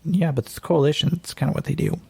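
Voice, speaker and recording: A man voicing a nervous young male soldier who speaks haltingly, with many fillers. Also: on the high side, fairly even intonation, creaky, darkish tone, slightly rough, pitched above the performer's own voice, heavily acted. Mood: urging. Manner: hesitant, halting, full of fillers.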